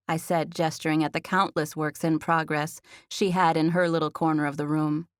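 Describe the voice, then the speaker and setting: A woman's voice: low-pitched, little pitch movement, normal speed, few pauses, dry recording. A young woman narrating a first-person audiobook in a conversational manner. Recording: dry studio recording.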